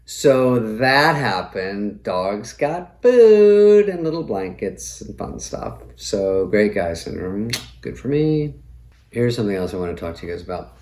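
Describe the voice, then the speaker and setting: Sardonic low-voiced man in a roomy space. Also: sing-song, measured pace, a little mellow. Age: middle-aged. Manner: profane, sardonic riffing. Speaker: comedy show host. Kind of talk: comic monologue. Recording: roomy echo.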